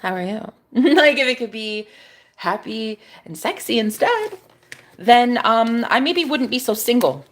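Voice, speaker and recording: A young woman vlogging in a casual, rambling chat, cursing freely and breaking into high, exclaiming rants. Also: sing-song, unhurried.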